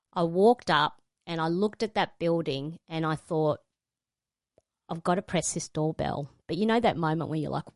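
A woman's voice: on the low side, no echo, studio quality. A middle-aged woman, a radio presenter telling a personal story as a guest and acting out the quoted lines. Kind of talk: storytelling in a panel conversation.

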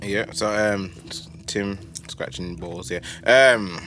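A man's voice: lowish voice, slow, fairly bright tone. A man hosting a casual chat, laid-back and teasing. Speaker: podcast host.

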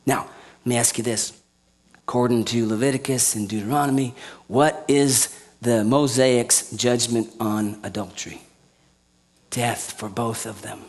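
A man preaching a sermon, firing rhetorical questions at his congregation and swinging from quiet teaching to loud indignation. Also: medium pitch, steady tone, unhurried.

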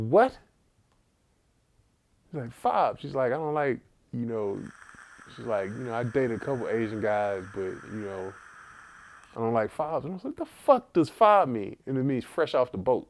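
A man's voice: medium pitch, moderate pace, a little mellow. A man co-hosting a podcast, telling stories in casual, profane chat with bursts of laughter. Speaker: podcast co-host.

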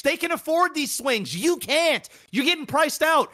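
A man's voice: extremely high pitch, animated, normal speed, sharp tone. A man co-hosting a podcast, ranting heatedly with lots of profanity in casual chat. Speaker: podcast co-host.

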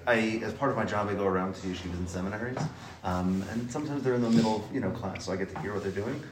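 A man's voice: fairly low pitch, rapid-fire. A man sharing a story in a class, hesitant with many fillers. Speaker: class participant. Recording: echoey room with background noise.

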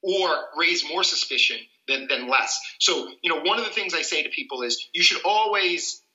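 A man's voice: on the high side, normal speed, sharp tone, roomy sound, muffled recording. A man, a civil rights attorney, explaining people's rights as a guest on a podcast. He talks earnestly and acts out little scenes as he goes.

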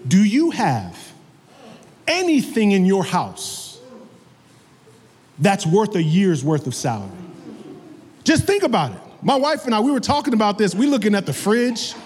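Animated high-voiced male preacher. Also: moderate pace, long reverb tail. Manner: animated preaching, calls for amens. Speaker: pastor. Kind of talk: sermon. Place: church sanctuary.

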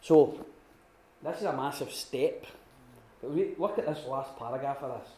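A man giving an informal teaching talk at a retreat, telling stories with lively restarts and acted-out quotes. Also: medium pitch, moderate pace. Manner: animated storytelling with many restarts and acted-out quotes. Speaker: retreat speaker. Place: room at a retreat. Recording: echoey room.

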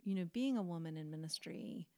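A woman's voice: fairly low pitch, fairly quick, gravelly, dark tone. A middle-aged woman pastor in casual podcast conversation, talking earnestly and candidly with many fillers.

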